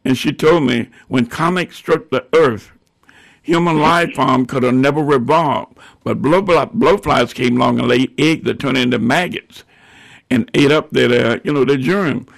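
A man's voice: medium pitch, measured pace, creaky. An older man from Georgia, telling bawdy stories as a guest musician. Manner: bawdy, growly storyteller. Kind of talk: storytelling interview.

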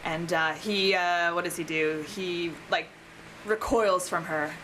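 A young woman guest chatting casually and reading a book aloud, slowing down to read and laughing easily. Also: on the low side, fairly even intonation, a bit bright, a little hiss or hum. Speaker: guest, show organizer.

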